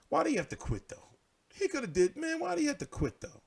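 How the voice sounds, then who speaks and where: Animated, profane male boxing ranter. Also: high voice, racing, gravelly, breathy edge. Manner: animated, profane, repeats himself. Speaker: boxing commentary host. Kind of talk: casual ranting commentary.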